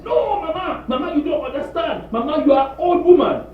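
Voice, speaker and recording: A man playing an infatuated young man who pleads excitedly with his mother, heard from a distance in an echoey room. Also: extremely high pitch, moderate pace, muffled recording, slight background noise, voice pushed up.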